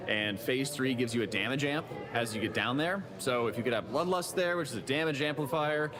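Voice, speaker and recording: A man commentating a game race, calmly explaining the boss mechanics and strategy. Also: medium pitch, a little fast, a crowd in the background. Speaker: esports caster.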